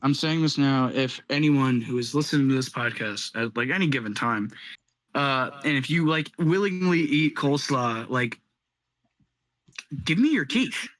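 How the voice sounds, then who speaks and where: A young man co-hosting a podcast in casual chat, excitable and swearing freely. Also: mid-range voice, dry recording, poor audio. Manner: excitable, swears a lot, quick laughing. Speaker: podcast co-host.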